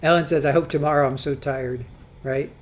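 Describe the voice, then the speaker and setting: A woman's voice: deep voice, steady tone, brisk. A woman hosting a casual livestream, chatting as she reads viewer comments aloud, often repeating and restarting her words. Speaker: livestream host.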